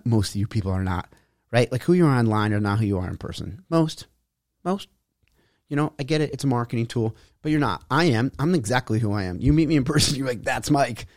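A middle-aged man delivers a solo motivational monologue in a pressing, frustrated tone, leaning hard on repeated points. His voice sits at an ordinary pitch and is recorded close and completely dry, with no room sound at all. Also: brisk, darkish tone, no room sound. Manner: emphatic, frustrated, preachy. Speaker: podcast host.

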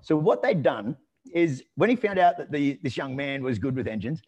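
A man telling a story in a relaxed conversational way, rambling with restarts and fillers. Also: on the high side, moderate pace, breathy edge, muffled recording. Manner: lively and amused when telling anecdotes.

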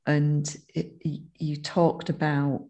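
Low, gravelly-voiced woman host. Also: level tone, highs cut off. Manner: warm and encouraging, with halting restarts. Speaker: podcast host. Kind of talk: casual chat.

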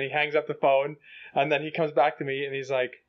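A man telling a funny travel story in a casual, animated way, acting out voices in the quotes. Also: medium pitch, fast talker. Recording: slightly dull lo-fi audio.

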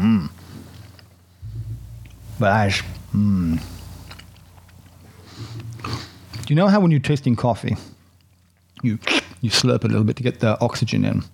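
A man's voice: lowish voice, vocal fry, darkish tone, husky. A man hosting a casual chocolate tasting, chatty and rambling, poking fun at himself. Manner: chatty, rambling and self-deprecating.

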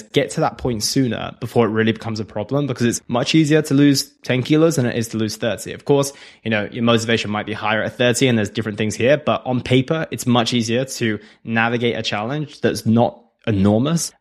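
A man hosting a podcast, asking long, thoughtful questions in a casual interview. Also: medium pitch. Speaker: podcast host.

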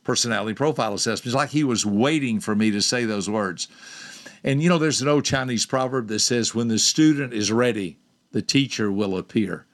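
An older man hosting a podcast, telling a personal story to listeners and asking them direct questions. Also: a little fast. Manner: lively storyteller, acts out quoted voices with big pitch jumps. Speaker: podcast host and personality teacher.

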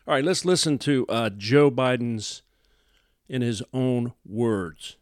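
A man from the American Midwest hosts a news commentary podcast, folksy and emphatic, often pausing on "uh". His voice sits in a middle register and is recorded dry and close, with no room sound. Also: mid-range voice, no room sound. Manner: folksy, emphatic, frequent "uh" fillers. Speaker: podcast host.

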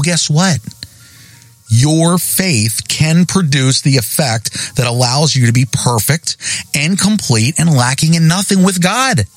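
This podcast host is a man whose mid-range voice comes through on a dry recording. Delivering a devotional sermon, he reads scripture, hammers listeners with repeated, pointed questions, and keeps circling back to key phrases with emphasis.

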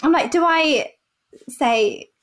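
A woman doctor chatting casually, telling an anecdote with lively energy. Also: high-pitched, takes it slowly. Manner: animated storyteller who laughs often. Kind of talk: casual podcast chat.

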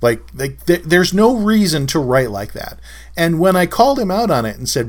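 A man's voice: a little high, sing-song, moderate pace. A middle-aged man hosting a solo podcast in a casual, wry and exasperated way, often chuckling. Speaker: podcast host.

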